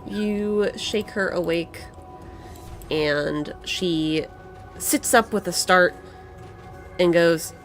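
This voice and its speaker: A woman narrating as game master in a relaxed, unhurried way. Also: lowish voice, faint music behind.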